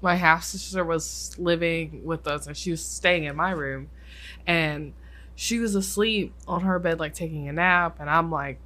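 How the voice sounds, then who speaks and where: A young adult podcast co-host telling stories in a casual chat, full of filler "likes" and sudden quick bursts. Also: mid-range voice, pushed and bright.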